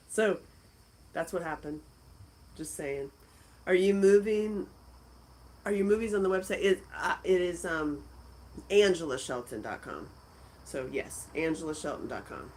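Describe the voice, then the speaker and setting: A woman's voice: lowish voice, lively intonation, a little slow, long pauses, a little mellow, low-quality recording. A middle-aged woman hosting a casual live stream, chatting and laughing as she answers viewer comments from a friend's house. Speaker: livestream host.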